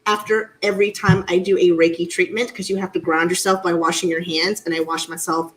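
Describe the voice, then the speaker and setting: A woman co-hosting a casual live-stream chat over a video call, telling stories with loud bursts of laughter. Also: fairly low pitch, a little fast, a little hiss or hum, rough recording. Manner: animated storytelling with loud laughs. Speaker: Reiki practitioner and co-host.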